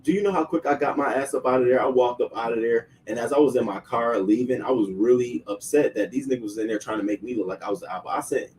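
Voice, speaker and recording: A man's voice: mid-range voice, quick pace, few pauses, recorded from a distance, slight background noise, poor audio. A man hosting his own show, telling a personal story in casual, profane speech and acting out the people he quotes. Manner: profane, animated, acts out quoted voices. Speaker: show host.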